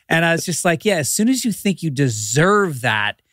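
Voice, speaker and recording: A man who is a comedian guest in casual podcast chat, relaxed and wry, speeding up when he tells an anecdote. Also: a little high, moderate pace, few pauses, no room sound, clean studio sound.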